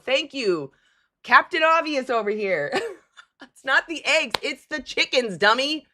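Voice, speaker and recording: A woman's voice: high voice, pushed and bright. A woman hosting a live call-in stream, talking bluntly and mockingly to callers. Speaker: livestream host taking callers.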